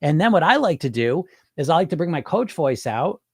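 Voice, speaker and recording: A man's voice: fairly high pitch, sing-song, a little fast, husky, no room sound, clean studio sound. A man hosting a weight loss podcast, coaching listeners in a casual, earnest and emphatic way and repeating phrases for stress. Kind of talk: casual coaching talk answering a listener question.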